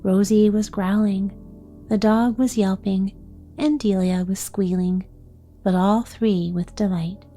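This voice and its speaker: A woman reading a chapter book aloud in a calm, gentle bedtime story reading. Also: medium pitch, slow pace, faint music behind.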